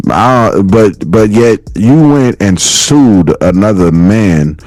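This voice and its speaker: A man's voice: fairly low pitch, expressive, slow, a little mellow, no echo. A young American man hosting a solo podcast, ranting casually and profanely and laughing often. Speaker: podcast host.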